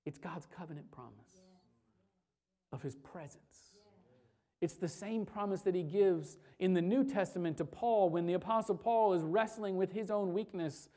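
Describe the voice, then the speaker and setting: A woman's voice: on the low side, normal speed, mellow. Emphatic woman preacher repeating key phrases. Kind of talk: sermon.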